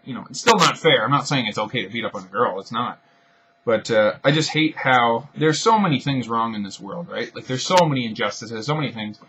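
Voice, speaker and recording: Profane ranting young man, bright voice. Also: mid-range voice, breathy edge, dull audio. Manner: profane, rambling, sarcastic. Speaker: video blogger. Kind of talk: ranting monologue to camera.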